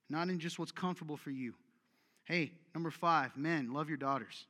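A forceful male preacher delivers a sermon in a bright, somewhat high voice. His direct commands repeat for emphasis. The sound carries a long hall reverb. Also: moderate pace. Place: church meeting room with audience.

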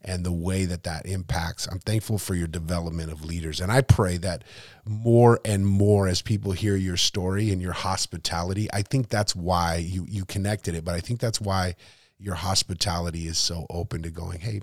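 A man's voice: low voice, steady tone, moderate pace, vocal fry, dry recording, clean studio sound. A man, a pastor hosting a church podcast, talking earnestly with thanks and closing in prayer. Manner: earnest and thankful, with many restarts.

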